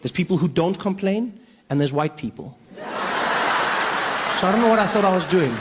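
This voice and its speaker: A man with a South African accent doing stand-up comedy, telling stories in a playful, animated way. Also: high-pitched, moderate pace, very noisy. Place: comedy stage.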